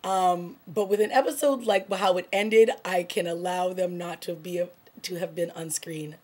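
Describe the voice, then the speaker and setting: A woman with a slightly husky voice talks through a TV episode she just watched. She is casual and animated, gushing and tossing in filler words as she recaps scenes. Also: lowish voice, moderate pace. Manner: excited, gushing, frequent "like" and "oh my God". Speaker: TV review vlogger.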